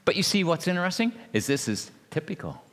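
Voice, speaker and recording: A man, an ordained minister, giving a folksy, anecdotal talk at a church marriage seminar and gently teasing his audience. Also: on the high side, very animated, quick pace. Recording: reverberant hall sound.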